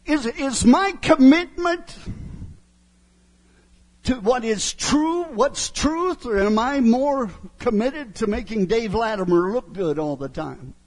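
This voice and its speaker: Male preacher, high voice, slow deliberate delivery, emphatic sermon, middle-aged. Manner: slow, emphatic, asks the crowd "huh?" often.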